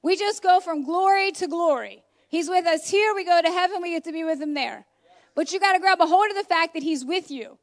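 High-voiced passionate woman preaching. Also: brisk. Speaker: homeschool mom preaching. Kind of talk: informal sermon. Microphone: phone.

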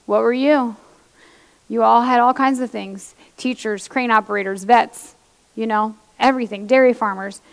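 A woman's voice: on the high side, steady tone, moderate pace, creaky, big-room sound. A woman preacher giving an impassioned sermon, reading scripture aloud and speaking straight to her congregation in a church.

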